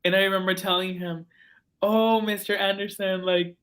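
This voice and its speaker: A young man hosting a student podcast, telling stories in an excitable, gushing way. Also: sits high, normal speed. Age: young adult. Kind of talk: casual chat.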